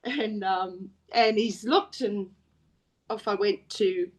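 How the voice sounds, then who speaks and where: A woman's voice: medium pitch, slow pace. Woman, Australian accent, middle-aged, interview guest, chatty, rambling storyteller. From Wales. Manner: rambling and chatty, with frequent restarts and laughs. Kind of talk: casual storytelling chat.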